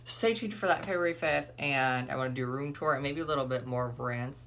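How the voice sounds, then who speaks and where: Fast, bright-voiced young man ranting. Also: medium pitch, vocal fry, a little hiss or hum. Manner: emphatic, opinionated, repeats himself. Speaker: vlogger. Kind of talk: opinion rant to camera.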